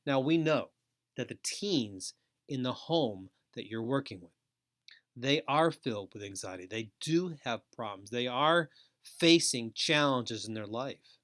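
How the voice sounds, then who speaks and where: A man giving a recorded lecture as a foster care educator, speaking deliberately and repeating key phrases. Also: mid-range voice, animated, fairly bright tone.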